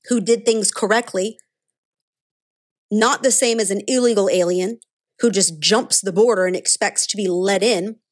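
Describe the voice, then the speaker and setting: A woman delivering a sarcastic, indignant political opinion monologue as a commentator. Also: mid-range voice.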